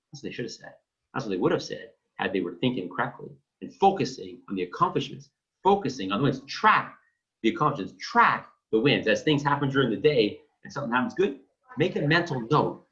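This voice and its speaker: Male real estate coach, emphatic and lively, dull lo-fi audio. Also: mid-range voice, brisk. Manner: emphatic and blunt, acts out phone calls. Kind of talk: coaching talk to realtors. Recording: dull lo-fi sound.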